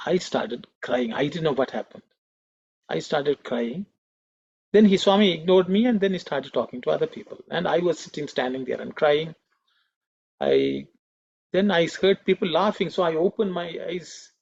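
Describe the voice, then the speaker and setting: A man's voice: a little high, big pitch swings, normal speed, gravelly, a little mellow, breathy edge, dull audio. A man giving an earnest, emotional talk at a devotional gathering, telling a personal story with many fillers.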